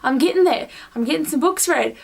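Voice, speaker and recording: A young adult woman vlogging a monthly reading wrap-up in a gushing, excitable way, full of "like" fillers. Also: high-pitched, a little fast, vocal fry. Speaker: book vlogger.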